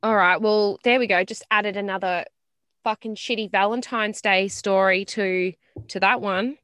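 A woman's voice: medium pitch, fairly even intonation, moderate pace, a bit bright, clear, resonant tone, dry recording, studio quality. A young woman co-hosting a podcast, telling stories in casual chat with lots of laughter and swearing. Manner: giggly, self-deprecating, swears freely. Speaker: podcast co-host.

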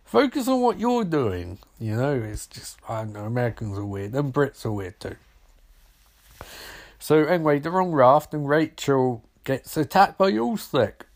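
A man's voice: mid-range voice, moderate pace. A man casually recapping a film in a rambling, wry and sarcastic way, swearing now and then. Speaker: film reviewer.

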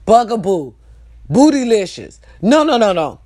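A woman's voice: mid-range voice, big pitch swings, measured pace, warm tone. A woman delivering a profane, scolding comedic rant straight to her audience.

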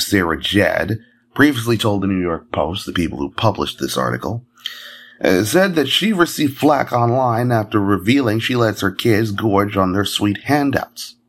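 Male news podcast host, casual and joking, lively swoopy delivery. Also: lowish voice. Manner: jokey, chatty asides with fillers.

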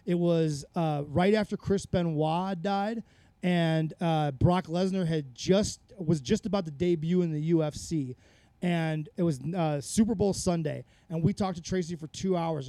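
A man's voice: high voice, moderate pace, dark tone, no room sound. A man, a podcast guest, telling rambling, profane stories in a casual chat on a close mic. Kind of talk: casual conversational storytelling.

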